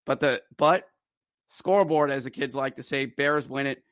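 A man hosting his own hockey podcast, recapping games in an animated, joking way and breaking into loud shouts. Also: mid-range voice, moderate pace, no echo, studio quality. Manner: excitable, jokey, acts out players' voices with sudden loud shouts. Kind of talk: animated solo sports recap.

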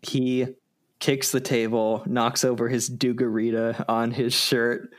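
A man casually brainstorming a comedy sketch, eager and quick to jump in with ideas. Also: mid-range voice, flat delivery. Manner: eager, jumps in with ideas, lots of fillers. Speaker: comedy writer.

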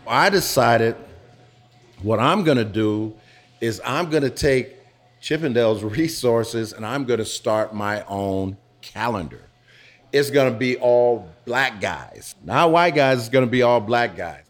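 A man in his fifties, interviewed in a pizza restaurant, telling his story haltingly and often restarting phrases. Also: medium pitch, lively intonation. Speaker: interview guest.

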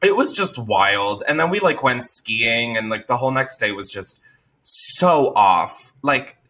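A man telling a story in casual chat, animated and profane, with lots of "like.". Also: medium pitch, a little slow. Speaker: podcast co-host telling a story.

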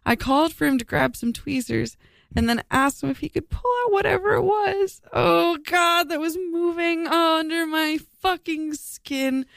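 A woman's voice: very high voice, normal speed, creaky, a bit bright, no echo, clean studio sound. A young woman co-hosting a casual podcast, reading an article aloud and groaning and swearing in disgust as she goes. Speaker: podcast co-host.

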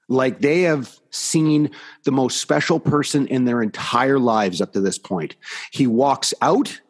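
A man who coaches youth hockey, telling a story on a podcast in an emphatic, indignant way and repeating words for effect. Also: mid-range voice.

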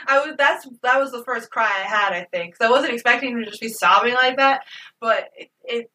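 A woman co-hosting a casual podcast, recapping a movie in an animated, emotional way and swearing freely. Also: fairly high pitch, normal speed, far from the mic, poor audio. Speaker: podcast co-host.

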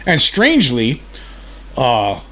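Male host, average pitch, unscripted and halting, full of fillers. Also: huge pitch swings, a bit bright. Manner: halting, many fillers and restarts. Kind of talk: casual commentary on a video.

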